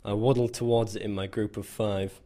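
A man's voice: on the low side, little pitch movement, moderate pace, warm tone. A man narrating a scripted first-person story in a dry, self-mocking way. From England. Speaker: volunteer soldier.

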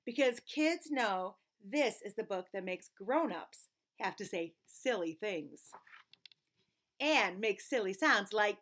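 A woman's voice: mid-range voice, expressive, takes it slowly, fairly bright tone. A woman teacher reading a children's book aloud, playful, with exaggerated mock protests and silly sounds.

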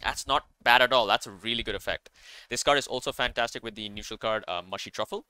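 A man's voice: medium pitch, fast talker, pushed and bright, smooth, no room sound. A man commenting casually on a card game, enthusiastic and rambling, with many fillers and self-corrections. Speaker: card game content creator.

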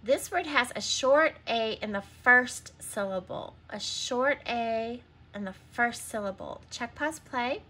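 A woman's voice: a little high, takes it slowly, bright, forceful tone. A woman teaching a recorded reading lesson to young children, sounding out words, spelling them letter by letter and patiently prompting answers.

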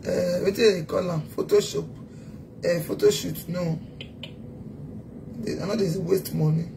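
A woman's voice: on the low side, fairly even intonation, unhurried, gravelly, noisy background. A woman with a Nigerian accent delivering a heated, taunting social media rant as a self-styled activist. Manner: taunting, scolding, emphatic.

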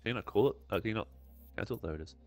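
A man's voice: fairly low pitch, racing, soft background music. A man streaming a shooter game, chatting to himself and his viewers in a casual, running commentary. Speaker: gaming streamer. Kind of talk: live gameplay commentary.

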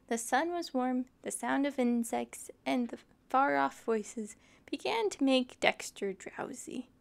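A woman reading a children's picture book aloud, expressive and adding sympathetic asides. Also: on the high side, measured pace, gravelly. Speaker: storytime reader.

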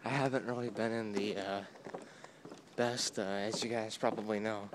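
A man's voice: fairly low pitch, normal speed. Rambling young man vlogging on a walk. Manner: rambling, self-mocking, chatty. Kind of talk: casual walking vlog. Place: outdoor boardwalk. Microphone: phone held at arm's length. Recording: outdoor phone audio with steady noise.

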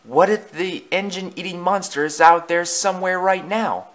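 Timid small engine, boyish, high and trembly, read by a male narrator. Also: normal speed, fairly bright tone. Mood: anxious. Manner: fearful, wailing.

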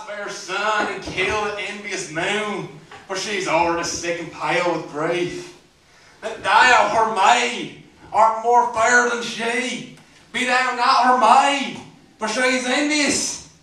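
A man with a Southern accent playing Romeo, reciting in a loud, slow, overwrought drawl at an open mic. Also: sits high, voice pushed up, heavily acted. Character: Romeo reciting, young male lover, overwrought. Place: comedy club stage. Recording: echoey comedy club, distant mic.

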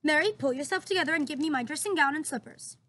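A woman voicing a composed, regal queen in a measured, stately way. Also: sits high, a bit bright.

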